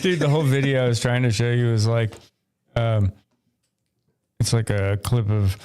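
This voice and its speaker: A man's voice: medium pitch, steady tone, moderate pace, a little mellow, clear, resonant tone. A man co-hosting a live podcast in casual banter, cracking crude jokes and laughing often. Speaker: podcast co-host.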